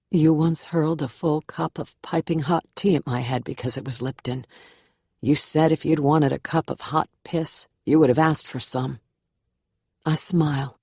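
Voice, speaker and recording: Low-voiced woman narrating a thriller. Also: fairly even intonation, normal speed, a little mellow, no echo, clean studio sound. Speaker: audiobook narrator. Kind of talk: first-person thriller narration.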